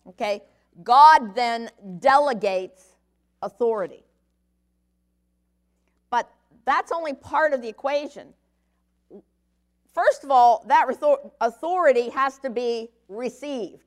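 A woman's voice: sits high, slow, long pauses. Woman giving a chatty Bible lesson. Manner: conversational teaching, frequent "okay?" check-ins. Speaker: Bible teacher. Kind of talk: sermon.

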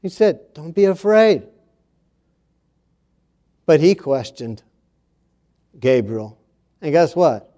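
A man preaching a sermon in a church, reading scripture and repeating key phrases with emphasis, moving between hushed and loud passages. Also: fairly high pitch, big pitch swings, slow, long pauses.

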